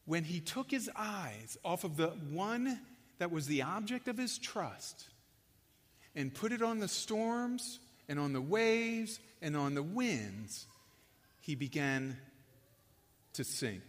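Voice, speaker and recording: High-voiced man preaching in an echoing hall. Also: very animated, takes it slowly. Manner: passionate, builds in loudness, then drops to a hush. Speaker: pastor. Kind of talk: sermon. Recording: long echo of a large hall.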